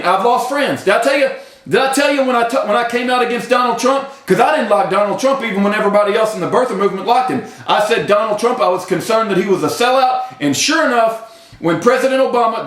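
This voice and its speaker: A man, ranting straight to a camera at home, impassioned and breaking into yelling. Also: very high voice. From Texas. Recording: roomy echo.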